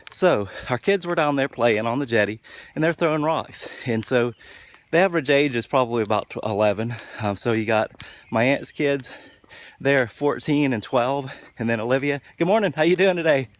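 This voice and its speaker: A man's voice: medium pitch, moderate pace. A man telling a story casually to the camera, with many fillers and restarts. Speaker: vlogger.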